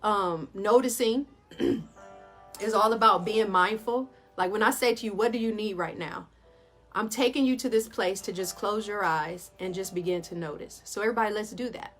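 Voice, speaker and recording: A woman's voice: mid-range voice, moderate pace, fairly bright tone, faint music behind. A woman therapist and yoga teacher giving a casual guided mindfulness talk, chatty and laughing often, addressing listeners as "y'all".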